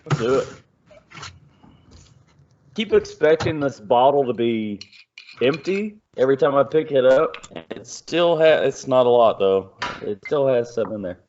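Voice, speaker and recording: A man's voice: medium pitch, expressive, moderate pace, darkish tone, a little hiss or hum. Dude moderating a sports podcast, chill, going through his notes, muffled lo-fi audio. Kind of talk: casual sports podcast chat.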